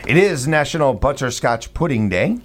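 Chatty male co-host, rambling delivery, lively pitch, casual talk-show energy. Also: normal speed. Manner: rambling, chatty with many fillers and restarts. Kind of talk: casual chat.

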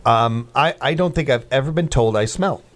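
Chatty Midwestern radio morning host. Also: male voice, medium pitch, fairly quick. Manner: chatty, rambling, frequent restarts and fillers. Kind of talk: casual morning radio chat.

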